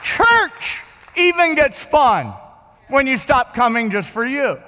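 Male pastor, very high and bright voice, conversational sermon that keeps checking in with the congregation. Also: sing-song, takes it slowly, long reverb tail, a faint crowd. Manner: conversational, repeats words and checks in with listeners.

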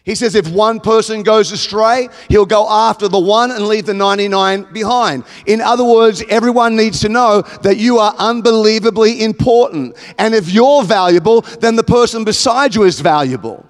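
A man with an Australian accent preaching a sermon, emphatic and building to loud exclamations. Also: sits high, moderate pace, hardly any pauses. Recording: long hall reverb.

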